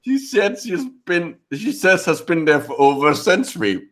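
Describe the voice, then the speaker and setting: A man's voice: a little high, big pitch swings, normal speed, a bit bright. A man hosting a casual online stream, reading news aloud, stumbling over words and giggling. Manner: giggly, stumbling, self-mocking. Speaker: host of a video review stream.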